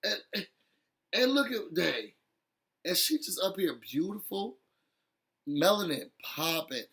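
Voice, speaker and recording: A man recapping a reality show episode in a casual, emotional chat, animated and laughing often as he talks straight to viewers. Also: high-pitched, slow.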